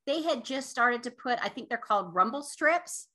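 A woman co-hosting a podcast, telling family stories in a casual chat, lively and quick to laugh and prompt her sister. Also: a little high. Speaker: podcast co-host.

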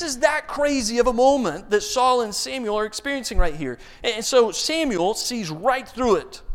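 A man with a fairly high voice delivers a sermon, retelling scripture and a personal anecdote. He talks in an animated way, often doubling words as he builds to a point. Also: normal speed, hardly any pauses. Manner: animated storyteller, rises loud and high for emphasis, repeats words. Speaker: pastor.

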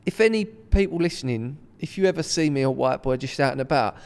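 A man's voice: mid-range voice, animated, fairly quick, vocal fry, darkish tone, clean tone, in a large hall. A man, co-hosting a podcast with blunt, sweary storytelling. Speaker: podcast co-host. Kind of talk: casual banter.

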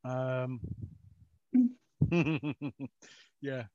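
A man's voice: medium pitch, fairly even intonation, drawn-out words, clean tone, no room sound. Chuckling man, self-mocking, dull recording. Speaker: interview guest. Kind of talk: casual chat.

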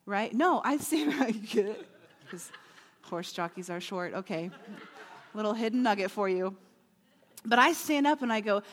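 A woman preaching a sermon in a lively, playful way, often acting out imagined voices. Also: medium pitch, moderate pace. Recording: long hall reverb.

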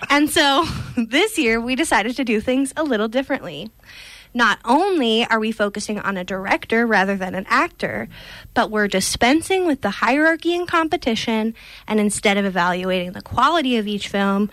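A young adult woman hosting a film podcast in casual chat, playful and quick to laugh at puns. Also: fairly high pitch, expressive, fairly bright tone, dry recording. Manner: playful, laughs often, pun-loving. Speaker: podcast host.

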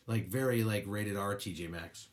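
A man's voice: on the low side, moderate pace, a little hiss or hum. A man co-hosting a podcast in casual chat, rambling through stories, laughing and swearing as he goes. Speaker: podcast co-host.

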